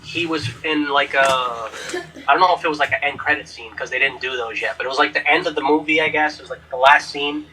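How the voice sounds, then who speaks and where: A man's voice: on the high side, quick pace, bright, forceful tone, far from the mic, poor audio. A man co-hosting a podcast, rambling casually through comic-book lore with plenty of swearing. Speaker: podcast co-host. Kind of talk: casual chat.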